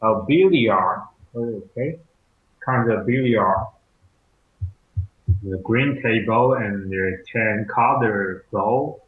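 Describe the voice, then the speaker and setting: Man from Taiwan, Mandarin native, English student, halting and unhurried; phone-like, roomy audio. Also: fairly low pitch. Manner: hesitant, searching for words with many fillers and restarts. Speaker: language student. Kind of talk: online English conversation lesson. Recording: echoey, tinny call audio.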